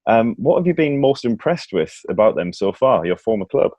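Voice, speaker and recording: A man's voice: lowish voice, very animated, normal speed, darkish tone, no echo, muffled recording. A man hosting a casual sports podcast, chatty and self-mocking, laughing often. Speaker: podcast host.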